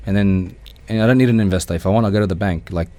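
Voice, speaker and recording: In a radio studio, a guest who runs a car rental business speaks with an Australian accent in a low, mellow voice. He talks fast and casually, rambling through stories and performing the voices of the people in them.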